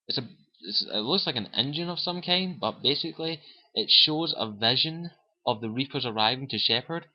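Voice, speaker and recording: A man's voice: fairly low pitch, muffled recording. Rambling, foul-mouthed man reviewing a game. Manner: profane, rambling retelling with acted quotes. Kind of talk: casual spoken game review.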